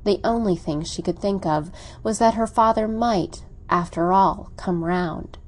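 A woman reading a classic novel aloud as an audiobook narrator, in a measured, unhurried way. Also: lowish voice, darkish tone.

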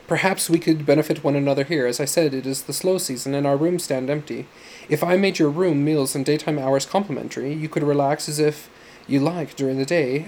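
A man voicing an eager, obsequious male hotel manager in an audiobook story, smooth and accommodating. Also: a little high, a little mellow, slight background noise, close to an everyday voice.

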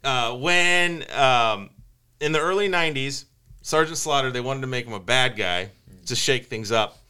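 Guy on a podcast telling a wild story, bright crisp voice, acts out the quotes. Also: medium pitch, moderate pace. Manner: animated, laughing, acts out quotes. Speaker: podcast host. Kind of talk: casual storytelling chat.

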